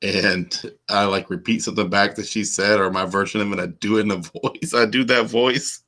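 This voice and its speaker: A man's voice: on the low side, fairly even intonation, pushed and bright. A middle-aged man hosting a casual chat while solving a crossword, joking and musing. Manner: joking, slow and musing, breaks into silly voices. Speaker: podcast host.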